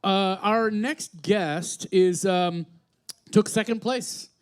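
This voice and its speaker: A man hosts a live variety show on a theater stage. He introduces acts in a loose, chatty way, full of fillers, and his voice sits fairly high. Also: takes it slowly, clear, resonant tone. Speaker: show host.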